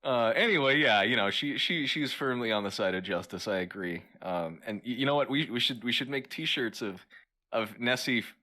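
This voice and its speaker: A man's voice: mid-range voice, animated, normal speed, pushed and bright. A man co-hosting a podcast who laughs easily and talks with many fillers and restarts. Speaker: podcast co-host. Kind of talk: casual comedic chat.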